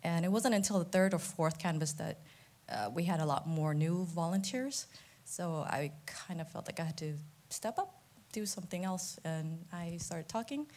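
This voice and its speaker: Woman with a lowish voice, modest volunteer lead, casual, plain-spoken. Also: normal speed, darkish tone. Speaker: campaign volunteer, canvassing lead. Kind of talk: casual chat.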